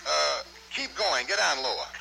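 A man putting on a very deep, slow voice in a put-on dialect. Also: sing-song, creaky, over loud music, exaggerated voice, poor audio. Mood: drawling. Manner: slow drawl.

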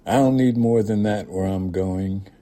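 A man reading aloud voices a sharp-tongued old woman, an aunt who scolds and frets even after death. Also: on the low side, natural voice. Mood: tart, scolding. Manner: scolding, brisk.

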